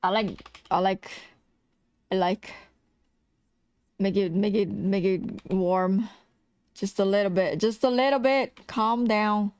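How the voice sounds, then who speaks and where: A woman's voice: medium pitch, fairly even intonation, slow, long pauses, a little mellow, smooth, dry recording. Sleepy, giggly woman streamer. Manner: chatty, swearing, laughing, self-mocking. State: tired. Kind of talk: casual chat while drawing on stream.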